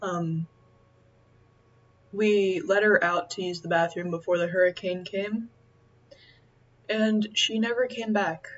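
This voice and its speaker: A young woman chatting casually as she eats, rambling and halting with many fillers. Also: mid-range voice, fairly even intonation, dull audio. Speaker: vlogger. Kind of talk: casual chat while eating.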